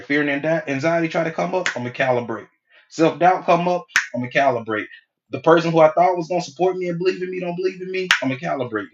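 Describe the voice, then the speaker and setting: Casual motivational man, slightly dull audio. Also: medium pitch. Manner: casual, preachy, acts out quoted characters. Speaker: hypnotherapist and motivational speaker. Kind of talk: motivational talk to viewers.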